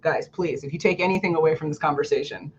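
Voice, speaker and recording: A woman's voice: sits low, fast talker, lo-fi sound, slight background noise. A woman hosting an online book club, talking casually and energetically about public speaking, with lots of fillers and frequent laughter. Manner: lively, chatty, laughs often, many "like" fillers. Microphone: home computer or camera setup.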